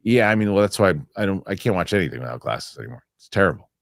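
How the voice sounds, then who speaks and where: A man's voice: deep voice, sing-song, rapid-fire, vocal fry, dry recording. A man hosting a casual talk show, reading viewer comments and rambling through stories. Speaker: show host.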